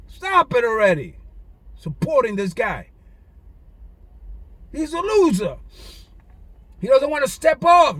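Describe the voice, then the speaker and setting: A man with a strikingly high voice preaches in a fiery, taunting rant, shouting his lines with a preacher's cadence. The sound is close and dry, with no room around it. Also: big pitch swings, normal speed, no echo. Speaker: online preacher.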